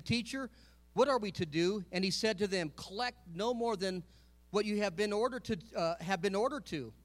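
A man's voice: sits high, a bit bright. A man preaching a sermon in a conversational way, often repeating and correcting himself and calling out to the congregation. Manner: calls out to the congregation.

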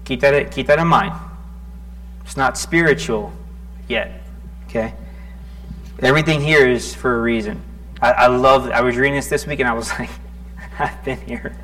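A man preaching a sermon in a conversational, animated way, often restarting his words and joking at his own expense. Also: medium pitch, normal speed, long pauses. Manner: conversational, self-deprecating, animated with stuttering restarts. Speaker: pastor.

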